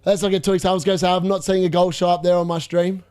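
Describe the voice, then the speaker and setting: A young man hosting a live fantasy football watchalong, excitable and gloating, laughing often and repeating himself. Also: high voice, very fast, clean tone. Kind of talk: live stream commentary.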